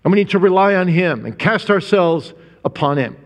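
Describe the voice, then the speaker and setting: A man preaching a sermon, emphatic, with rhetorical questions and stressed, drawn-out words. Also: sits high, expressive. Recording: long hall reverb.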